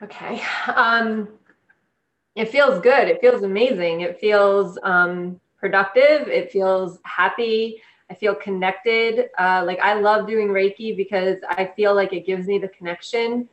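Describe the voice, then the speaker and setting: A woman's voice: medium pitch, unhurried. Hesitant woman on an echoey, dull line. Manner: hesitant, with fillers. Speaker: Reiki practitioner, guest. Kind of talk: coaching session.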